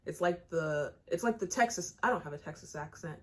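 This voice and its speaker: A woman's voice: low voice, animated, fairly quick. An American woman hosting a reaction video, talking in blunt, chatty asides. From United States. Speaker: reaction channel host. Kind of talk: casual reaction commentary.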